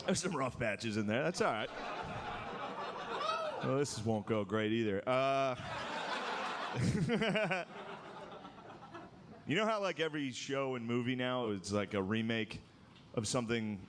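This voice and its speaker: A man's voice: mid-range voice, slow, long pauses, noisy background. A man doing a stand-up comedy set on a club stage, talking loosely with lots of "like"s. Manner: loose, conversational delivery with many "like"s.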